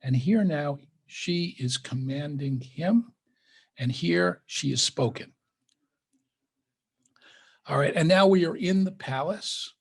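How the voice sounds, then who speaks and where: A man's voice: a little high, takes it slowly, gravelly, pauses often, husky. An older man, a rabbi, teaching a scripture lesson over a video call, reading passages aloud and then explaining them conversationally. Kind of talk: scripture study lecture.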